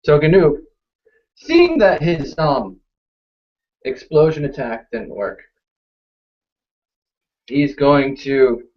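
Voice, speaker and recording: A man's voice: fairly high pitch, expressive, drawn-out words, long pauses, lo-fi sound. A man playing a tabletop game, chatting casually and reading rules aloud. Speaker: player.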